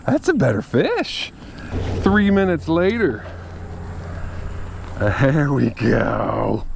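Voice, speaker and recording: A creaky, somewhat high male voice drags out its words over a little hiss or hum. He's a fishing vlogger out on the water, excitedly exclaiming and chatting casually straight to his audience.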